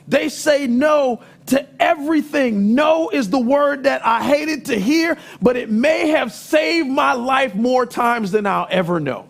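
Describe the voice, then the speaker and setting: High-voiced preacher telling stories. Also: male voice, vocal fry. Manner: lively storytelling, emphatic, sometimes shouting. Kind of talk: sermon with personal stories.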